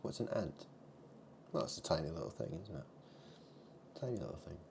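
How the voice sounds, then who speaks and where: A man vlogging in a rambling monologue, muttering asides and swinging between loud remarks and hushed ones. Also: rumbling low, very animated, moderate pace, gravelly, background noise.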